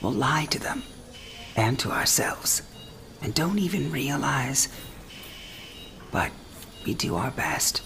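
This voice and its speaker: An actress playing a frail, dying elderly mother, speaking softly in a breathy half-whisper. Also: rumbling low, expressive, slow, long pauses, a little hiss or hum, exaggerated voice. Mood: tender. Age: older. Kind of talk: game cinematic acting.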